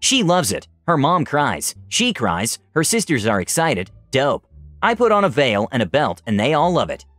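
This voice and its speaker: A man tells a first-person story with a lively, swooping pitch and a sarcastic edge in his asides. The sound is dry and close, and faint music plays underneath. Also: normal speed, no room sound.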